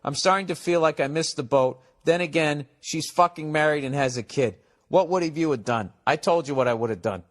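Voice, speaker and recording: A man's voice: fairly high pitch, fairly quick. A man in his fifties with a Boston accent, giving blunt, profane advice in a casual podcast monologue.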